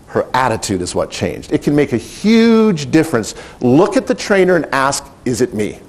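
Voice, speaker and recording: A middle-aged man who directs animal training, telling a story in a lively, animated way and acting out the quotes. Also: on the high side, moderate pace. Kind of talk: storytelling talk.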